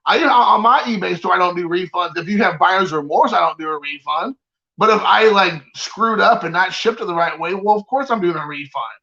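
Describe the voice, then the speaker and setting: A man with a fairly high, gravelly voice vents in a loose, rambling vlog rant, exasperated and full of slang. His tone is bright and sharp. The sound is dull and lo-fi. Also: expressive, brisk. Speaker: collector channel host. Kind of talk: casual ranting vlog.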